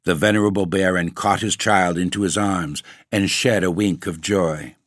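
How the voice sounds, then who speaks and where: Deep-voiced man reading a classic tale. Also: fairly even intonation, moderate pace, no room sound, clean studio sound. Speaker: podcast narrator. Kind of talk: scripted ghost-story reading.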